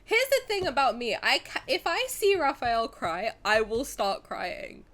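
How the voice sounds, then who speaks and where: A woman, chatting casually on a stream, excitable and dramatic, rambling between topics. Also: on the high side, measured pace, hardly any pauses.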